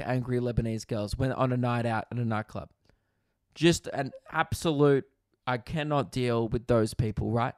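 Gravelly-voiced Australian comedian ranting. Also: male voice, medium pitch, steady tone, slow, long pauses, a little mellow, no room sound, clean studio sound. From Australia, Victoria. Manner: crude, profane storytelling with frequent asides. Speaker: comedian host. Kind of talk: comedic podcast monologue. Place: hotel room in quarantine.

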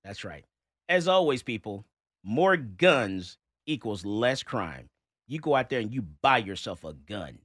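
Lively-voiced man hosting talk radio. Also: on the low side, measured pace, husky, no room sound, studio quality. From Texas. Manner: animated, mocking when reading a letter aloud. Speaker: radio talk show host. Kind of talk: casual talk radio, reading listener letters.

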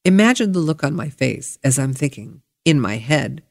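A woman hosting a podcast, telling a travel story in a chatty, candid way with bursts of excitement. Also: deep voice, normal speed, gravelly. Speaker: podcast host. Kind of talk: casual storytelling monologue.

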